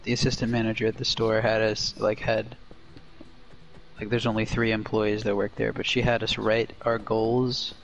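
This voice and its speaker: A young man with a gravelly, creaky voice chatting in a mild, hesitant way. He comes through a dull, lo-fi mic with a faint hiss behind him. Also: on the low side, completely flat delivery, normal speed, fairly bright tone. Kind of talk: casual chat.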